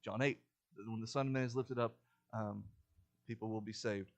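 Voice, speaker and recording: A man preaching a sermon in a church, building to loud, urgent warnings and dropping back to a quiet explanatory tone. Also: steady tone, normal speed. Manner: emphatic, rises in pitch and volume to stress warnings. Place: church sanctuary.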